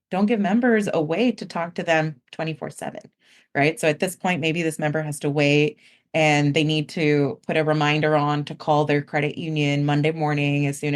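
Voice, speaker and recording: Chatty woman explaining, low-ish voice. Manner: casual, heavy use of "like", acts out customers' words. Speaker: guest, company founder. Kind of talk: conversational explanation.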